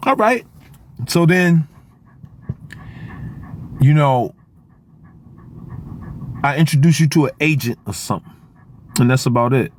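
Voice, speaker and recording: A middle-aged man ranting casually on the street in an emphatic, slangy, animated way. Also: on the high side, a little slow, long pauses. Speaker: actor. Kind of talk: casual street vlog rant. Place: outdoors on a street near traffic. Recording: noisy street recording with traffic.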